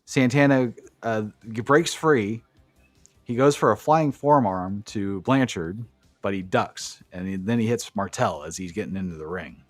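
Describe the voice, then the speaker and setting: A man's voice: on the low side, measured pace, dry recording, faint music behind. A man co-hosting a podcast, recapping wrestling matches in a casual, profane, enthusiastic play-by-play way. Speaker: podcast co-host.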